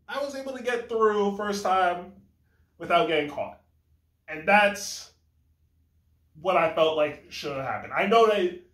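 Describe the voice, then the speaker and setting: A man with a fairly high voice rambles through a casual game critique, restarting his sentences and slipping into imagined dialogue. His voice rings off the walls of an echoey room. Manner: animated, rambling, self-correcting, acts out lines of dialogue. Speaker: gaming commentator.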